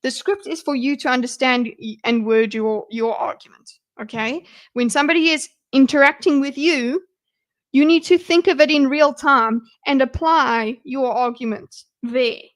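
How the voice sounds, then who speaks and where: A woman's voice: high-pitched, moderate pace. A woman hosting a livestream, reacting to a debate in blunt, exasperated commentary full of swearing. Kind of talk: casual commentary.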